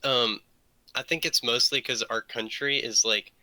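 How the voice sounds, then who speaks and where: A man's voice: mid-range voice, steady tone, unhurried, sharp tone, no echo, poor audio. A man from North Carolina on a casual podcast, matter-of-fact, explaining things with numbers. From North Carolina, USA. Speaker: podcast co-host. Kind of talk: casual chat.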